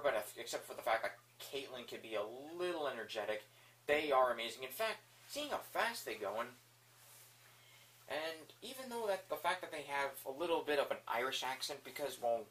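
A man's voice: medium pitch, a bit bright. A man giving a casual spoken review, enthusiastic and rambling, with lots of fillers. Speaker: video reviewer.

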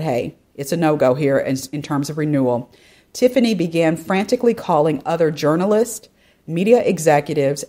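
A woman's voice: deep voice, darkish tone. A woman hosting an opinion podcast, reading a news story aloud and talking it through in a chatty way, often turning straight to her listeners. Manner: chatty, addresses listeners directly, frequent "you know" and asides. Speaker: podcast host.

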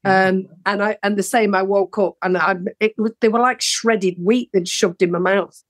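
A woman in her fifties, a guest on a podcast, recalling a childhood memory in relaxed chat. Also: medium pitch, moderate pace, no room sound, studio quality. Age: 50s. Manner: relaxed reminiscing. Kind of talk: casual chat.

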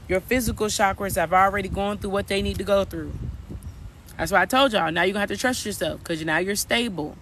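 Pitched high and bright, the man's voice carries a forceful tone against slight background noise. Working as a spiritual coach, he preaches casually to his viewers, says "y'all," and repeats himself often.

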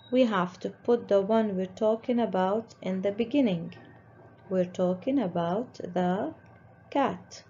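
A woman teacher slowly walking young pupils through a worksheet, patiently stressing each word. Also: mid-range voice, mellow, slightly rough. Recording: dull lo-fi recording.

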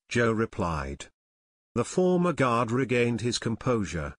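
A man reading an adventure audiobook in expressive, scripted narration. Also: mid-range voice, slow pace, no echo.

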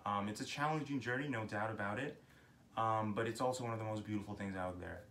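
A man's voice: on the low side, fast talker, a bit bright, slight background noise. A young man, a musician, earnestly encouraging young viewers to pursue music, with frequent ums and restarts. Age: young adult. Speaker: sitar musician. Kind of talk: closing talk to young viewers. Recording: roomy, distant mic.

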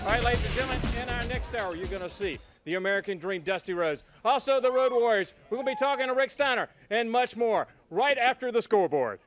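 A man's voice: very high voice, lively intonation, fast, hardly any pauses, a bit bright. Upbeat male wrestling show host. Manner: upbeat, hyping. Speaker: studio host. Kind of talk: broadcast announcing. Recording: studio broadcast with crowd and music.

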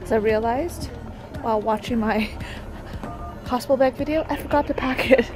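A woman's voice: a little high, normal speed, over music. A woman chatting casually to camera in a vlog, rambling with lots of fillers, recorded on a handheld phone in a parked car. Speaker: vlogger and expectant mother.

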